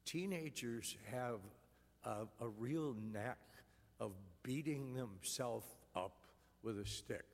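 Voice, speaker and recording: A man, a priest, giving an earnest, gentle homily in a church. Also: mid-range voice, slow pace, in a large hall.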